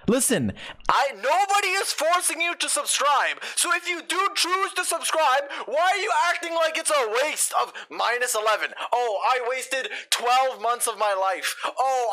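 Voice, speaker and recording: A man's voice: animated, a little slow, bright, forceful tone. A young man streaming, chatting casually with his viewers in a rowdy, joking way and swearing often. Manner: rowdy and joking, swearing, swinging between deep and high put-on voices.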